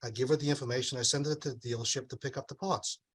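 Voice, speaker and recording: A middle-aged man delivering a stand-up comedy set, telling deadpan one-liners and acting out the voices of the people in his stories. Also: mid-range voice, rapid-fire, breathy edge. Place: comedy club stage with audience laughter.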